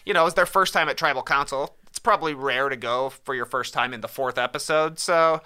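A man from Illinois with a Midwestern American accent, co-hosting a casual podcast in an easygoing, measured way. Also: medium pitch, sharp tone, clear, resonant tone. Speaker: podcast co-host.

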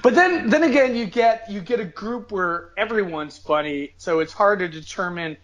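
A man co-hosting a casual podcast chat, joking and halting with fillers. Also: high voice, expressive, a bit bright, poor audio. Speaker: podcast co-host.

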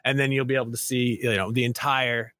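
Guy hosting a podcast, jokey and a bit sarcastic, mid pitch, dry close mic sound. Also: flat delivery, fast, sharp tone, no room sound. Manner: joking, playfully sarcastic. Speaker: podcast host. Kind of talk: casual podcast chat.

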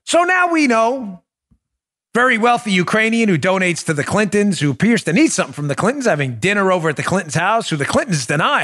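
Animated, sarcastic male podcast host. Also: sits high, brisk. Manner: sarcastic, incredulous; talks to his producer on air. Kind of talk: political commentary.

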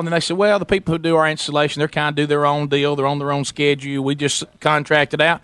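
A middle-aged man hosting a talk show spins a long story with lively energy. His voice sits a little high and has a bright, forceful edge. The sound is dry and close, with no room around it. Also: very fast, hardly any pauses, no room sound. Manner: animated, acts out both sides of the story. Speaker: radio show host.

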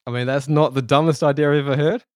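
A man's voice: on the high side, steady tone, fast, darkish tone, dry recording, clean studio sound. A man narrating as game master, rambling and hesitant, with many fillers.

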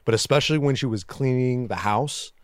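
A man's voice: mid-range voice, fairly quick, dry recording. A man in his thirties, a podcast guest in casual chat, laid-back, slangy, swearing freely.

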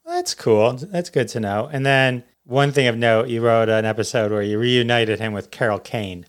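A man hosting a casual interview, asking relaxed, chatty questions with halting restarts. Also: mid-range voice.

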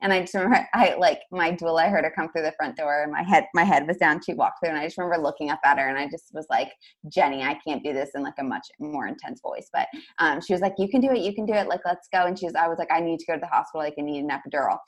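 A young woman telling a personal story as a podcast guest, chatty and full of fillers. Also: deep voice. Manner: fast, chatty, lots of "like". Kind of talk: casual storytelling.

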